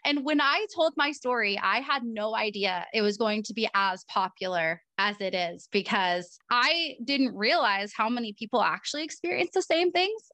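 A bubbly woman co-hosts a podcast, laughing easily between thoughts. Her voice is bright and a touch high, recorded dry and close. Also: lively intonation, normal speed, few pauses, no echo. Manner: bubbly, laughs often, many fillers. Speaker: podcast co-host. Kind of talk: casual chat. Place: Arizona.

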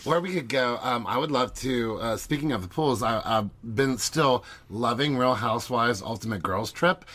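A man co-hosting a gossip podcast from a small home closet. He is chatty and teasing, with a voice at an everyday middle pitch. He rambles along in a relaxed way. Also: normal speed. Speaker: podcast co-host. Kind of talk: casual chat.

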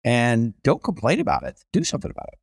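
A man's voice: mid-range voice, huge pitch swings, fast, gravelly, no echo, studio quality. A middle-aged man, a celebrity chef guest, telling stories with energy and emphasis in a casual conversation.

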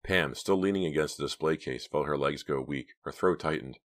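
A man narrating an audiobook in a quiet, steady reading voice. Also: rumbling low, a little fast. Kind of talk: scripted narration.

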